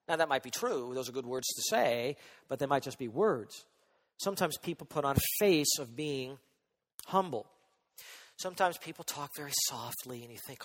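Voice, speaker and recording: A man preaching a sermon as pastor, swinging between soft asides and loud emphatic points. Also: medium pitch, animated, moderate pace. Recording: long hall reverb.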